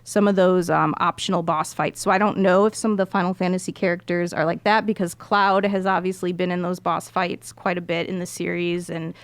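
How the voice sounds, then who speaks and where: A woman's voice: lowish voice, flat delivery, brisk, hardly any pauses, clear, resonant tone, dry recording. A woman game reviewer in casual podcast chat, talking chattily with many fillers.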